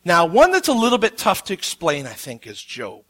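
A man in his thirties preaching a sermon, telling a story with animated quotes. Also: high-pitched, moderate pace. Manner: animated storytelling, acts out quotes with rising intensity. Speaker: pastor.

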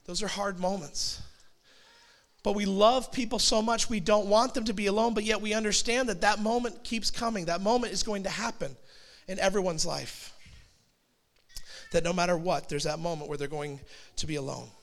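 High-voiced male pastor, conversational sermon. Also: normal speed, a bit bright. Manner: storytelling, conversational with acted quotes and asides.

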